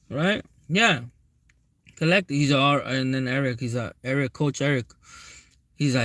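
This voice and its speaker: A man's voice: on the high side, steady tone, fairly quick, a bit bright. A young man telling a long personal story to his viewers in a rambling, profane way, often checking in with them. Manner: rambling, profane, keeps asking viewers "right?". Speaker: tarot reader. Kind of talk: casual storytelling vlog to viewers.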